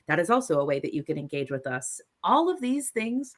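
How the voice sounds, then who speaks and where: A man's voice: high-pitched, expressive, brisk. A man hosting a live podcast, talking in an upbeat, promotional way. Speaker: podcast host.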